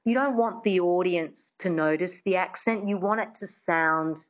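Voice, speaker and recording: A woman's voice: lowish voice, normal speed, muffled recording. A woman working as a dialect coach, explaining how are taught and demonstrating sounds as she goes. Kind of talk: studio interview, teaching accents.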